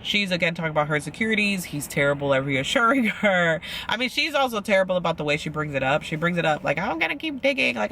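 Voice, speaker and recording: A man's voice: on the high side, vocal fry, bright, forceful tone, a little hiss or hum. A man chatting casually as he recaps a reality show, rambling with lots of "like" and acting out quotes. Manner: chatty and rambling, heavy use of "like", acts out quotes.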